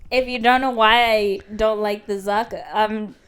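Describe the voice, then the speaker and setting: A woman's voice: fairly high pitch, steady tone, measured pace, a bit bright, clear, resonant tone. A young woman co-hosting a podcast in casual chat, laughing often and swearing bluntly. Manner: giggly, blunt, swears freely. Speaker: podcast co-host.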